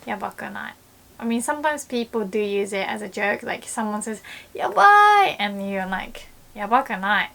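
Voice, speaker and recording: A woman with a Japanese accent, a native Japanese speaker, giving a casual language lesson and playfully acting out example phrases with big jumps in pitch. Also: moderate pace, gravelly.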